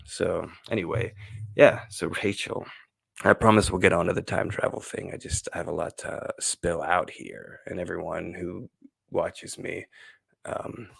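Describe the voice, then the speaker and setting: A man's voice: low voice, fairly even intonation, measured pace, gravelly, fairly bright tone, husky, dry recording. A man hosting a casual solo live stream, rambling and gushing with lots of fillers and restarts.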